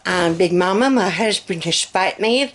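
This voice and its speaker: A woman's voice: on the low side, measured pace, fairly bright tone. A middle-aged woman from Alabama with a Southern accent, chatting casually on her home vlog, a bit out of breath, rambling with fillers. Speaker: home vlogger.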